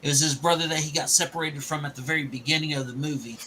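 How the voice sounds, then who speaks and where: A man's voice: on the high side, fairly even intonation, fast, a crowd in the background, poor audio. Rambling man retelling a film. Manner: rambling, with restarts.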